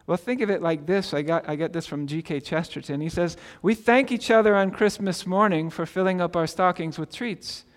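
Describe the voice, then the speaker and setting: A pastor with a high voice delivers a loose, conversational sermon at normal speed with hardly any pauses. He stumbles over his opening words and keeps checking in with "right?", while a long reverb lingers on his voice.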